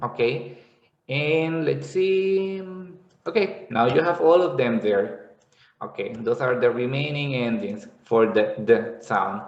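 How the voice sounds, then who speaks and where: Male teacher, patient classroom explaining; slow, roomy lo-fi sound. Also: medium pitch. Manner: explains slowly, repeats words, checks in with "okay". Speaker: English teacher. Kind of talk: classroom lesson. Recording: echoey room, dull lo-fi sound.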